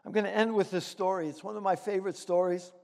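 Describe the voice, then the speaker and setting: A man preaching a sermon and telling a story earnestly, with dramatic pauses. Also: sits high, flat delivery, vocal fry, a little mellow. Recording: echoey hall.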